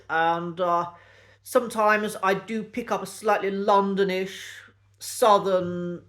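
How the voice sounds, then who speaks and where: Host, male, posh English RP, light high voice, measured delivery with ums. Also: a bit bright. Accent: posh English Received Pronunciation. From England. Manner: measured and precise, with frequent ums. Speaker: accent teacher and channel host. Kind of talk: reflective solo talk to camera.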